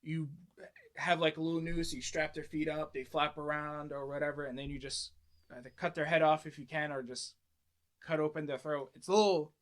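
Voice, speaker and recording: A man's voice: on the high side, steady tone, fairly quick. A young man chatting casually on a podcast, telling crude stories in a rambling, laid-back way. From United States. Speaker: podcast guest. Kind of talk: casual chat.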